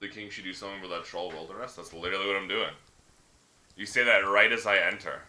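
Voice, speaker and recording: A man's voice: deep voice, quick pace, pushed and bright. A male streamer giving casual, offhand gameplay commentary and swearing freely. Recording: noisy home stream recording.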